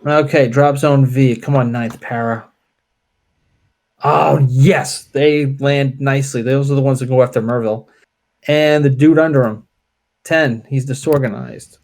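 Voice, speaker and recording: A man talks his way through a tabletop wargame at an unhurried pace, calling out each roll in a steady mid-range voice. His delivery is deliberate and casual, as if playing with a friend. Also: mid-range voice. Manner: deliberate, reads dice results aloud. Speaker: wargame player. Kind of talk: casual play-through commentary.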